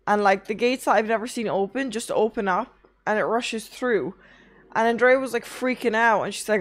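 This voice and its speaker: A young woman chats casually with her stream's chat, tired from little sleep, rambling through anecdotes and swearing often. Her voice is on the high side and brisk.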